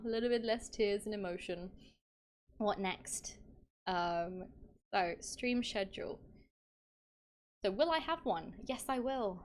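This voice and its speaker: A woman streamer talking casually to her live chat, chatty, laughing often, tripping over her words and restarting. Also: medium pitch. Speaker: VTuber streamer.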